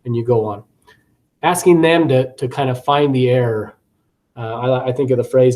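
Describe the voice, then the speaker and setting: A man's voice: mid-range voice, moderate pace, a little mellow. A man giving recorded course commentary as a teacher educator, talking conversationally with frequent fillers, repeated words and acted classroom examples.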